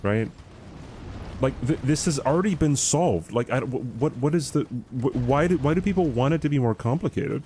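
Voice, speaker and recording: Male streamer, rambling and combative banter with chat, warm tone, very expressive pitch. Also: normal speed, a little hiss or hum. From United States. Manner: animated, argumentative, rambling, swears casually. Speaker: game streamer. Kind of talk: casual live-stream chat with viewers.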